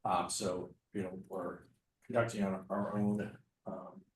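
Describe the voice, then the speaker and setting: A man's voice: sits low, flat delivery, a little slow. A middle-aged man from city planning gives a presentation at a community meeting and explains things casually with many fillers. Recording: distant echoey room mic with faint noise.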